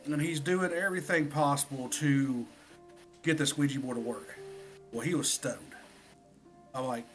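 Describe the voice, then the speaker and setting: A man co-hosting a podcast, telling a story in an animated, profane, casual way. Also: medium pitch, measured pace, pauses often, soft background music. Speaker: podcast co-host.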